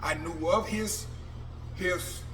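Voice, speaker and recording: High, bright-voiced man telling a story. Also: takes it slowly. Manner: animated, profane, acts out quoted people. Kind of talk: casual personal storytelling. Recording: roomy, distant mic with faint noise.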